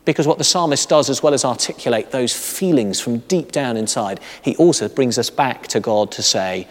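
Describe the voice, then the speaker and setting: A man's voice: mid-range voice, moderate pace, few pauses, long reverb tail. A man preaching a sermon as a vicar, earnest and emphatic, building his points through repeated phrases. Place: church.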